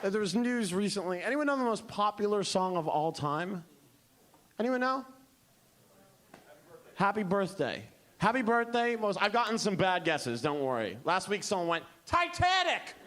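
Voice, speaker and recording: A man's voice: high voice, moderate pace. A man performing a stand-up comedy set, talking animatedly and acting out the voices in his stories. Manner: animated, acts out voices in quotes. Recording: live club recording with audience noise.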